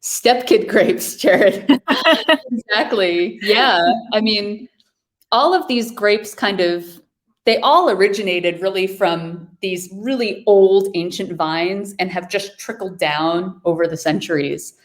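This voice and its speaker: A woman's voice: mid-range voice, slow. A woman from New York hosting a virtual wine tasting over a video call, chatting casually and describing wines with enthusiasm.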